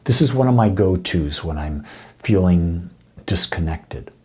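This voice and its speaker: Low, very breathy male minister. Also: lively intonation. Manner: soft, intimate delivery with frequent breathy, whispered phrases; slow, deliberate affirmations. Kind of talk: spiritual talk.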